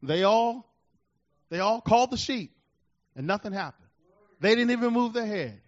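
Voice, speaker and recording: High-voiced preacher with dramatic swings. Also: male voice, lively intonation, moderate pace, no room sound, dull audio. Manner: dramatic swings between loud emphasis and hushed delivery. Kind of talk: sermon.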